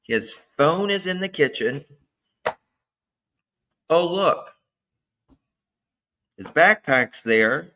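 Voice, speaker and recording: A man hosting a livestream, chatting casually, thanking viewers by name and commenting with animated asides. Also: fairly high pitch, takes it slowly, hardly any pauses. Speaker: livestream host. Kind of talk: casual true-crime commentary chat.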